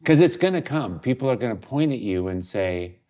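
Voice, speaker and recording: A man's voice: medium pitch, very animated, fairly quick, warm tone. A British man hosting a podcast interview, asking rambling questions full of fillers and restarts. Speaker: podcast host. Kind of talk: casual interview chat.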